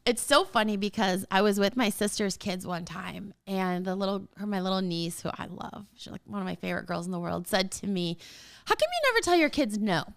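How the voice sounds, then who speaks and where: A woman in her forties hosting a casual podcast, talking straight to parents in an animated, emphatic way and often laughing. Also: medium pitch, brisk, gravelly, hardly any pauses, clear, resonant tone. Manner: talks straight to listeners as a parent. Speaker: podcast host.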